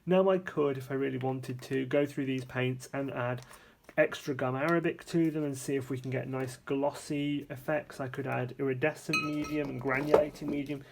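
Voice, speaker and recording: A man with a gravelly, fry-edged voice at a middle pitch talks through a painting demonstration at his table. He is relaxed and chatty, thinks out loud, and corrects his own wording mid-sentence. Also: normal speed, noisy background. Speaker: art supplies reviewer demonstrating paints. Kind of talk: casual hands-on painting tutorial.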